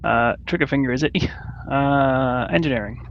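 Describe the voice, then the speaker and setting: A man with a gravelly, fry-tinged voice hands out crew posts in an easygoing, halting way, often stopping on uh. His voice comes through a dull, lo-fi voice-chat mic. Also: mid-range voice, slight background noise. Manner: easygoing, hesitant with frequent uh. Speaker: ship commander in online roleplay. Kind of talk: casual voice-chat roleplay.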